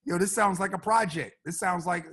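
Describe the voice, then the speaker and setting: Man, fairly high voice, upbeat, slangy, encouraging host. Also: moderate pace, a bit bright, husky. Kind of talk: casual chat on a video call.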